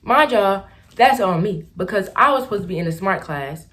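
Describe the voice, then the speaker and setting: A young adult woman chatting casually through a storytime vlog, rambling and animated with lots of "like" and "y'all.". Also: mid-range voice, moderate pace. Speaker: vlogger. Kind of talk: casual storytime while doing makeup.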